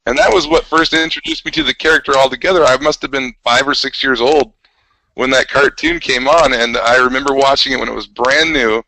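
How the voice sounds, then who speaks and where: A man's voice: mid-range voice, steady tone, a little fast, bright, forceful tone, poor audio. A man in his thirties co-hosting a casual podcast, telling stories with enthusiasm. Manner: enthusiastic, nostalgic storyteller. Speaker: podcast co-host. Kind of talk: casual chat.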